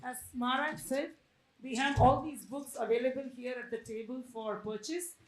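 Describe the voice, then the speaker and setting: Woman making hall announcements; high, plain delivery, echo and audible crowd. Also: steady tone, normal speed. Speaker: announcer for book sales. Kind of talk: practical announcement. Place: temple hall. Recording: roomy hall with crowd noise.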